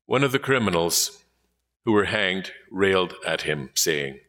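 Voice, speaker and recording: Solemn male scripture reader, lively delivery. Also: sits low, unhurried. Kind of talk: scripture reading.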